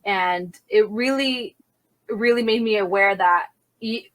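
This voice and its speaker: A woman crime scene investigator telling her story as an interview guest, animated and quick, acting out the dialogue she recalls. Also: medium pitch. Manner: animated, fast-talking, reenacts dialogue. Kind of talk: candid conversational storytelling.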